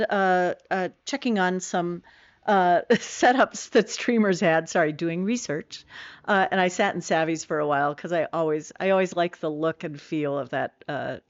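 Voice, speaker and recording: A woman's voice: on the low side, moderate pace, no room sound, highs cut off. A middle-aged woman streaming a game, chatting casually with viewers in a rambling way full of fillers and self-corrections.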